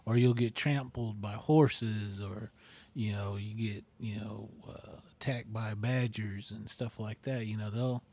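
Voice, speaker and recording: Low, mellow man chatting easily. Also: measured pace. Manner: relaxed, talks in loose bursts with fillers. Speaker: podcast co-host. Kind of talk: casual chat.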